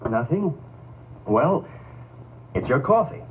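A man's voice: on the high side, sing-song, slow. A man playing a grumpy husband in an old TV ad. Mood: grumbling. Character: grumpy husband complaining about coffee. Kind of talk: 1950s TV commercial acting. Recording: tinny, noisy old TV audio from afar.

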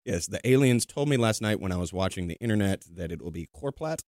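A young man co-hosting a podcast, riffing and joking in loose casual chat and restarting his sentences often. His pitch moves around a lot. The sound is close and dry. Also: animated, fast talker, a little mellow, no room sound. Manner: jokey, rambling, with many restarts. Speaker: podcast co-host.

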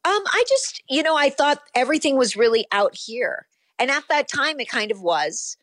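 A woman in her fifties, an actress being interviewed, recalling her past in a relaxed, rambling way full of ums and you-knows. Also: sits high, normal speed, dry recording. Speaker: actress guest. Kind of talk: casual interview.

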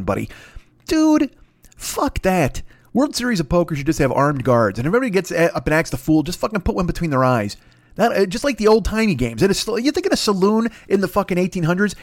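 Middle-aged male podcast host, rapid-fire profane comic rant, slightly high voice. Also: dry recording, studio quality. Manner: crude, swearing, animated storytelling.

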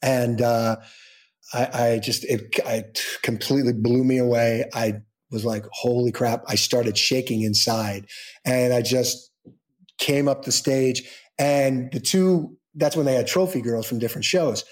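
A man's voice: medium pitch, measured pace. Middle-aged guy rambling thru a story, lots of ums and restarts, acts out the voices. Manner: animated, rambling anecdote with many fillers and restarts. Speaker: guest. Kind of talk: storytelling in a casual interview.

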